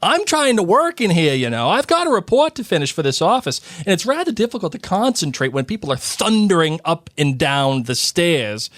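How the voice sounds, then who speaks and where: A man's voice: a little high, very animated, normal speed, hardly any pauses, a bit bright, no echo, studio quality, pitched above the performer's own voice. A man reading as a pompous young wizard clerk, Boston accent. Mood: smug. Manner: smug, lecturing, raised voice. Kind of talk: reading a novel aloud.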